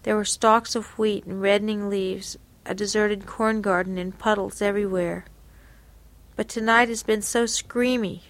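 A woman's voice: mid-range voice, steady tone, normal speed. A woman reading aloud from a personal diary in an earnest, confessional, reflective way.

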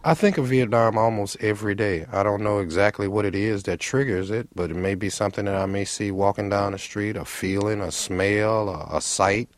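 Reflective veteran from Illinois. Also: male voice, fairly low pitch, fairly quick, hardly any pauses. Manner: thoughtful and searching. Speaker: Vietnam veteran, combat engineer. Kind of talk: reflective interview testimony.

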